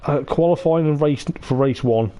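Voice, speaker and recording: A man giving live commentary on an online racing league, excitable and repetitive, laughing often, his voice going hoarse. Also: on the high side, normal speed, muffled recording. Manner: excitable, repeats "I tell you what", laughs often. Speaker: race commentator.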